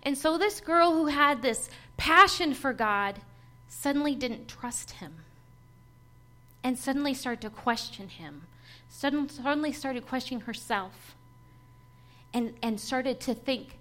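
A woman with a high voice delivers a personal testimony sermon to a church gathering. She speaks earnestly and with feeling, and light laughs break through her storytelling. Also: lively intonation, a little slow, bright, forceful tone.

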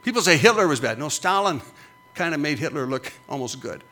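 A man's voice: on the high side, very animated, brisk, sharp tone. A middle-aged man preaching as a pastor, with emphatic, punchy repetitions that rise and fall. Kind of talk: sermon.

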